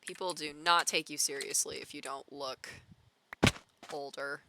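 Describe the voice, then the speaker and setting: A woman with a fairly low-pitched but bright, forceful voice chats casually as she plays a game. Her talk runs loose and rambling, full of "like". She laughs easily between thoughts. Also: fairly even intonation, unhurried, a little hiss or hum. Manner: chatty, full of filler "like", laughs often. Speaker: gaming streamer. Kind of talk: casual chat while playing a game.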